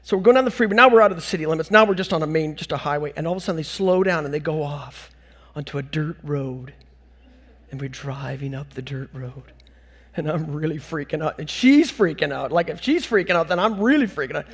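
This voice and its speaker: A middle-aged man from North America tells funny stories from a stage in a high, bright voice. He speaks with an animated, self-mocking bounce and laughs through his own punchlines. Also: a little fast. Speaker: conference speaker. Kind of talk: storytelling keynote talk. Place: conference hall stage.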